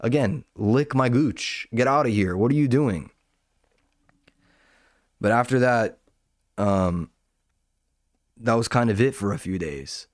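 A man's voice: medium pitch, takes it slowly, pauses often, no room sound, studio quality. A man ranting casually about online drama, profane and rambling, often breaking off and jumping between points. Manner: profane, rambling, self-interrupting. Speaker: commentator.

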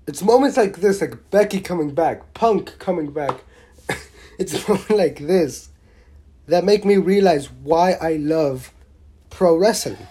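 Unhurried, soft-toned wrestling vlogger; blunt, rambling, excitable opinions. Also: medium pitch, husky. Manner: rambling, excitable, with many restarts; blunt, with mild swearing. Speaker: wrestling show reviewer. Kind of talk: casual opinionated review.

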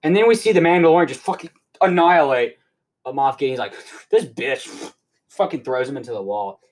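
A young man hosting a podcast, rambling excitedly through a casual recap and swearing often. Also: medium pitch, fast talker. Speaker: podcast host.

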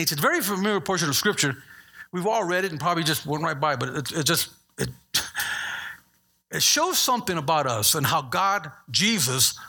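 A male pastor preaches with a lively, swooping delivery, his voice sitting high and bright. There is a husky grain to his tone as he jokes with the congregation and then presses his point. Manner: animated preaching, playful asides to the congregation. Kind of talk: sermon.

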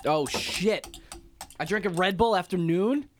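A podcast co-host reacting with quick jokes and crude quips in casual chat. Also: medium pitch, a little hiss or hum.

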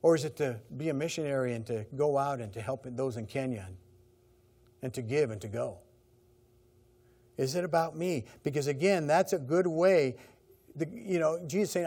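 A man's voice: medium pitch, moderate pace, mellow, breathy edge. A middle-aged man preaching a sermon in a conversational way, repeating key phrases. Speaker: pastor.

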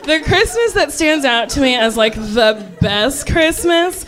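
High-voiced giggly woman telling a comic story. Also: lively intonation, unhurried, fairly bright tone, faint music behind. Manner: chatty, giggly, full of "like", acts out quotes.

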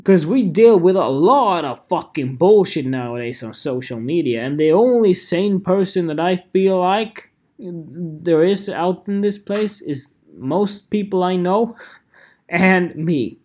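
A man's voice: high voice, animated, takes it slowly, darkish tone. A man hosting a podcast alone, talking casually in a rambling, profane, self-deprecating way. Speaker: podcast host.

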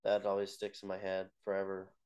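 A man co-hosting a casual podcast, speaking in a somewhat low voice. He talks in a relaxed, unhurried way, often hesitating and filling gaps with short agreements. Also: clear, resonant tone. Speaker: podcast co-host. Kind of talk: casual chat.

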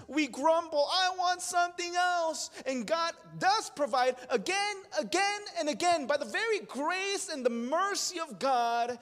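Man, pastor, slow-paced sermon, impassioned, long church reverb. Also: very high-pitched. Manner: impassioned, rising to loud emphatic preaching. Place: church sanctuary.

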